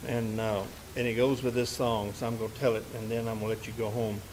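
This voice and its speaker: A man's voice: lowish voice, level tone, quick pace, a little mellow, a little hiss or hum, low-quality recording. Folksy man telling a story onstage. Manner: folksy, rambling, with many "and, uh" restarts. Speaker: musician and bandleader. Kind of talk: onstage storytelling to a live audience. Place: live music stage, indoors.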